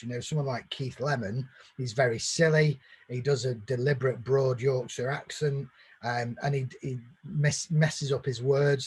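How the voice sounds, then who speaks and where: A man's voice: medium pitch, slightly rough. A man giving a conversational marketing presentation, explaining at length with fillers and restarts.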